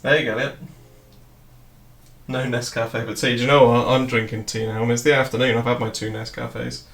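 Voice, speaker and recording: Flat and a little fast, this man's mid-range voice is a bit bright as he chats casually on his crypto trading livestream. He rambles, swears and laughs often, and the recording carries a roomy echo with faint background music.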